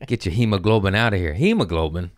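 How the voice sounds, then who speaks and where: A man in his thirties rambles through a comedic monologue, bouncing between tangents and teasing himself whenever he loses the thread. His voice sits on the low side. The sound is close and dry, with no room echo. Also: lively intonation, fairly quick. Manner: jumpy, self-mocking, scatterbrained. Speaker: podcast host.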